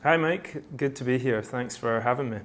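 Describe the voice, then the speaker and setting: An easygoing man from Scotland whose accent has softened over the years, chatting as an interview guest. His voice sits at a middling pitch and he laughs readily between points. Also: moderate pace, slight background noise. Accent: softened Scottish. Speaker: fintech company CEO, guest. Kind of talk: casual interview chat.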